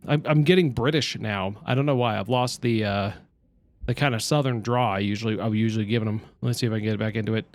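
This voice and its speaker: A man's voice: lowish voice, fast talker, no room sound, clean studio sound. A young man streaming a story game, chatting casually and reacting with exclamations. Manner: animated and chatty, with exclamations and self-talk. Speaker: streamer playing a narrative game. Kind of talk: casual let's-play commentary, reading and voicing game characters.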